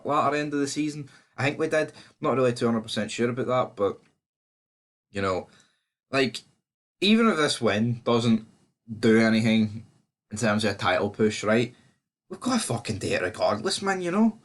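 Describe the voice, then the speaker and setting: A man with a Scottish accent giving a casual, sweary football match preview on his vlog. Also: mid-range voice. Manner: sweary and animated, fan talk. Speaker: football fan vlogger.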